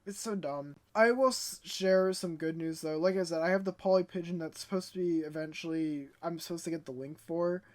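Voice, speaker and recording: A young woman vlogging in a casual, animated storytelling way, stuttering when she gets worked up. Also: on the low side, a little fast, hardly any pauses. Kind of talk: casual ranting vlog.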